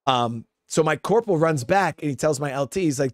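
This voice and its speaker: A man with a slightly high voice tells a war story in a loose, rambling style, cursing freely and calling out to his listeners as guys. The sound is dry and close. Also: animated, fairly quick, no room sound. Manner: profane, rambling, keeps addressing listeners as guys. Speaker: Marine veteran storyteller. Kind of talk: casual spoken storytelling.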